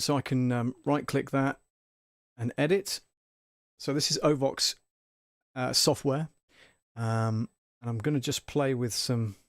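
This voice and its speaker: A man's voice: mid-range voice, creaky, no room sound. A man hosting a casual live-stream tutorial from a home studio, chatting and thinking aloud as he works. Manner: thinking aloud, chatty, with fillers and self-checks.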